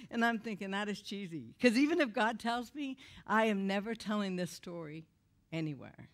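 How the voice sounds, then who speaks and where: A woman's voice: medium pitch, normal speed. Emotional woman giving a church testimony. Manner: emotional, confessional, animated storytelling with laughter. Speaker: guest speaker. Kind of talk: testimony sermon.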